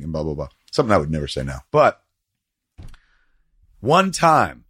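A middle-aged man hosting a loose, casual conversation in a lowish voice. His pitch swings widely as he rambles and swears, acting out the lines of people in his stories. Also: fast talker, no room sound, clean studio sound. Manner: profane, rambling storytelling with lively quoted voices. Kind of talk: casual chat.

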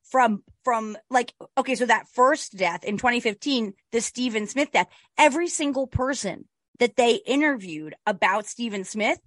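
Animated woman chatting on a podcast. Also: on the high side, normal speed, no room sound. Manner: animated, swearing, many fillers and restarts. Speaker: podcast co-host. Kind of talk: casual true-crime chat.

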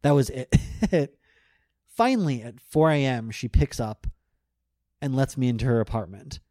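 A man's voice: mid-range voice, expressive, a little slow, mellow, no room sound, studio quality. A man telling a personal story in casual chat as a guest, rambling, restarting sentences and laughing often.

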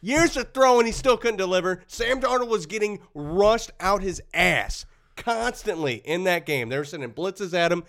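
A man co-hosting a casual sports chat, ranting heatedly about players and teams. His voice sits a bit high and bright, and it swings widely in pitch as he gets worked up. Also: normal speed. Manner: animated, heated ranting with laughs. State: runny nose. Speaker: podcast co-host.

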